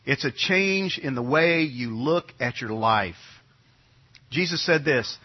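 Heard on a dull lo-fi recording, a middle-aged man from New York gives a sermon as pastor. His mid-range voice is slow with lively intonation, and he talks conversationally, repeating his main phrases.

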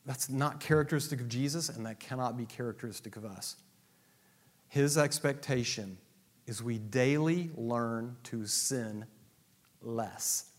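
A male pastor preaching a sermon, swinging between loud emphatic declarations and low asides. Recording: long reverb of a large hall.

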